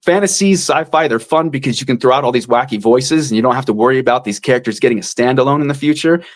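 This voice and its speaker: Male audiobook narrator, casual and animated, mid-range voice, chatty interview guest. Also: mid-range voice. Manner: animated, drops into quick character voices.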